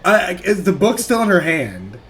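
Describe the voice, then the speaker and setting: A man's voice: high voice, very animated, normal speed. A man playing a tabletop game, talking casually and stammering a bit. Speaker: player.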